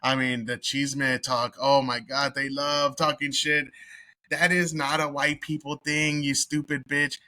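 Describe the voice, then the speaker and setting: A man's voice: mid-range voice, flat delivery, a little slow, sharp tone, no room sound. A man from Texas reviews a film in a casual, profane rant, blunt and mocking. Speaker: movie reviewer host.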